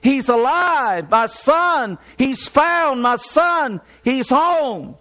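A man's voice: very high voice, lively intonation, sharp tone, exaggerated voice. A man voicing a joyful father who cries out as he welcomes his lost son home, within a sermon. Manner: crying out, drawn-out joyful exclamations.

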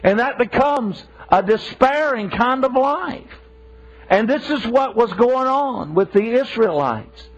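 A man's voice: very high voice, expressive, takes it slowly. A man preaching a sermon with passion, repeating himself for emphasis. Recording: dull lo-fi sermon recording.

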